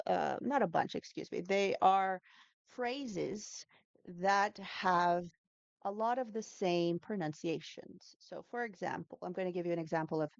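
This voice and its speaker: A woman who teaches English pronunciation answers interview questions casually in a lowish voice with vocal fry. Her speech is full of fillers and self-corrections, and the recording is lo-fi with no echo.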